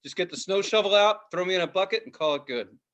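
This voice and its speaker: A man in his forties, chatting casually on a podcast. His voice sits a touch high, and he tells stories in an animated, profane way, often breaking into laughter. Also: fast talker. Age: 40s. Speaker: podcast co-host. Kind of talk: casual chat.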